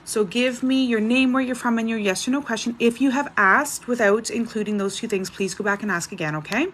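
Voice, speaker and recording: A woman hosting a live-stream psychic reading, briskly reading out viewers' names and questions in a chatty, casual way. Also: fairly high pitch, fairly bright tone. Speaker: psychic livestream host.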